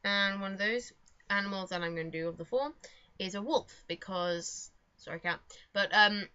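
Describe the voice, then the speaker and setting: A woman's voice: medium pitch, moderate pace, pushed and bright, clear, resonant tone. A young woman vlogging in casual chat at home, rambling and self-mocking with lots of fillers. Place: home room. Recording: dull lo-fi home recording.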